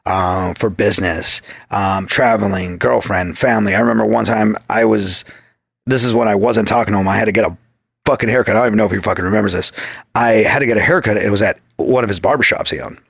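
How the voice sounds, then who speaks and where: A man's voice: on the low side, a little fast, vocal fry, fairly bright tone, husky, dry recording, studio quality. A man telling stories in a loose, profane podcast chat, often acting out quoted back-and-forth. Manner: swears constantly, acts out quoted exchanges. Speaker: podcast guest. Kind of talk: profane casual storytelling.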